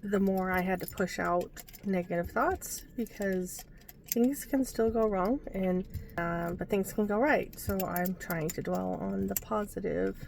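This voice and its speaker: A woman talks straight into her phone from the seat of a parked car, rambling and candid, full of fillers and the occasional curse. Her voice sits at an ordinary middle pitch, and a faint hiss of noise runs underneath. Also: unhurried, creaky, a little mellow. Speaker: vlogger. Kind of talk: candid personal vlog.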